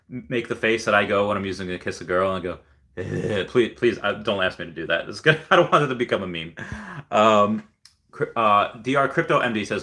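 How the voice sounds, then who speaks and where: Bright and forceful, the lowish voice belongs to a young man hosting a livestream. He chats casually, reads viewer comments, and tells meandering self-deprecating stories loaded with fillers.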